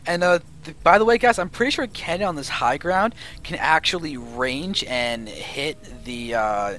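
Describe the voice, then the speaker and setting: A man's voice: on the high side, unhurried. Analytical male esports commentator. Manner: analytical, rising excitement at big plays. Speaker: esports caster. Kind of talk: play-by-play game commentary.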